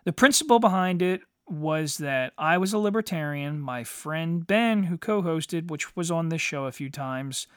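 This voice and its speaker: A man's voice: fairly high pitch, lively intonation, measured pace, few pauses, clean tone, no room sound, studio quality. A man ranting bluntly in a monologue, swearing heavily and tagging lines with "you know". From United States. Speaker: podcast host.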